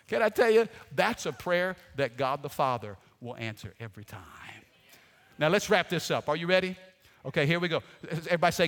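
A male pastor delivering an energetic sermon, leading the congregation in call-and-response and shouted refrains. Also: on the high side, normal speed. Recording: long hall reverb.

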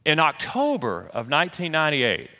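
A man preaching a sermon, telling a personal story in a lively, animated way and acting out the voices of the people in it. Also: a little high, moderate pace, gravelly. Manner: animated, acts out quoted voices. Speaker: pastor. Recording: long reverb of a large hall.

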